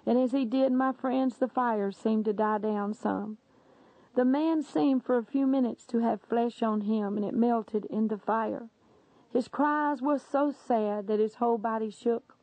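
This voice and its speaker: A woman's voice: on the high side, a little slow, dry recording. A woman reading a religious testimony aloud in an earnest, solemn, dramatic way. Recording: dull lo-fi dry recording.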